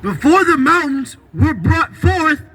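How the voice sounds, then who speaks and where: A man with a very high, bright voice reads scripture out loud in short pieces. He repeats each phrase when prompted. His tone is plain and steady. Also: slow pace. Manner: reads bible verses aloud in short chunks, repeating on request. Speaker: scripture reader.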